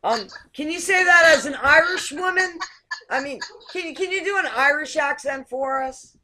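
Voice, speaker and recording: A woman's voice: sits high, moderate pace, sharp tone, a little hiss or hum. A woman from Canada hosting a casual group video chat, chatty and giggly, often restarting her words. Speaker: host.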